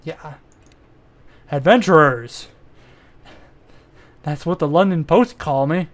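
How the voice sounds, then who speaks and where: A man's voice: on the high side, takes it slowly. A man doing a smug rakish adventurer. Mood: boastful. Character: boastful rakish male adventurer, middle-aged, flirtatious.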